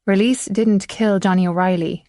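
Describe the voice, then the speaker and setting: A woman's voice: mid-range voice, fairly even intonation, moderate pace, warm tone, no room sound, natural voice. A guarded, precise woman vet who answers accusations firmly and reasons through them step by step, as a woman narrator voices her. The reading stays close to the narrator's own voice, dry and close to the mic.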